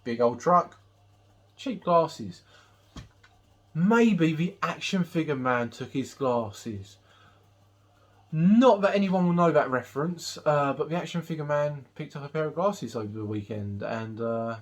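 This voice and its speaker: A man's voice: on the high side, expressive, unhurried. A man giving a casual movie review, recapping the plot in a rambling way with lots of ums and uhs. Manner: rambling recap with many fillers. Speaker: film reviewer.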